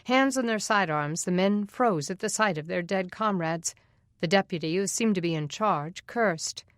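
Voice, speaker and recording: A woman's voice: normal speed, no room sound, clean studio sound. A woman reading a suspense novel aloud as audiobook narrator, lifting her voice for the characters' lines. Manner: voices the characters with raised pitch in dialogue.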